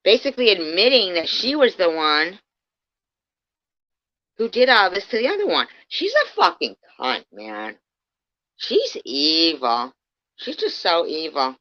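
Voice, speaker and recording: A woman with a low voice rants angrily on a livestream, her delivery swinging widely between muttering and shouting. She swears constantly and talks heatedly to someone she despises. The stream audio is dull and lo-fi. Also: wildly swooping pitch, unhurried, long pauses. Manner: profane, heated, swings from muttering to loud outbursts. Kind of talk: angry ranting livestream commentary.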